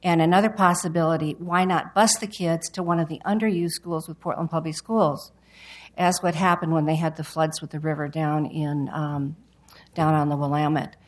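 Low-voiced woman testifying earnestly. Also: steady tone, moderate pace, rough recording. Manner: earnest and urgent, speaking in short direct statements. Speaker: public commenter at a city council hearing.

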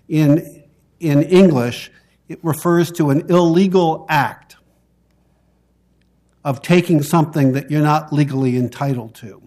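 Man giving measured testimony at a hearing. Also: fairly high pitch, warm tone. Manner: measured and deliberate, halting between phrases. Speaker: public commenter at a city council hearing. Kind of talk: formal public testimony.

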